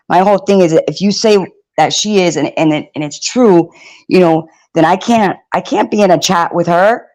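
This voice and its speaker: A woman's voice: fairly low pitch, low-quality recording. A woman calling into a livestream, hesitant and defensive, with lots of fillers and restarts. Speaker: caller. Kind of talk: defensive call-in chat.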